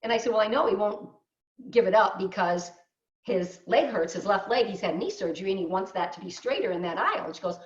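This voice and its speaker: A woman's voice: medium pitch, fast. An older woman from the United States, a business owner giving a motivational talk and acting out quoted voices as she tells stories. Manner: lively storyteller, acts out quoted voices. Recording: dull echoey room sound.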